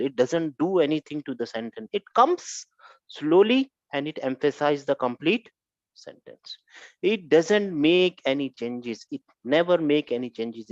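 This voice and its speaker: A fairly high-pitched man teaching a grammar class, going back over each point and pausing to ask whether everyone follows. The recording is dry and dull, with a lo-fi sound. His tone stays patient and steady. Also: dry recording. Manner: repetitive, keeps checking with "Huh?". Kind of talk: online grammar lesson.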